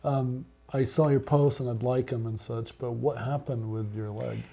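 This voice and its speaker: A man hosting a podcast interview, listening closely and asking gentle questions. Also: mid-range voice, fairly even intonation, moderate pace, creaky. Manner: attentive, brief affirmations, gentle questions. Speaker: podcast host. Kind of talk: interview conversation.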